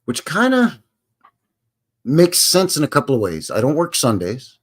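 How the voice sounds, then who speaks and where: A man's voice: a little high, huge pitch swings, unhurried. A man in his fifties hosting a casual live stream from home, chatting to viewers in a folksy, rambling way. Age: 50s.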